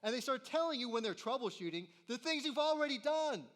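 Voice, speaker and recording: A young male college pastor preaching with a high, bright voice. He swings from quiet asides to loud, exasperated acted-out lines. His delivery is lively and conversational. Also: brisk, hardly any pauses. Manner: animated, acts out voices and gets loud in exasperation. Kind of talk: sermon.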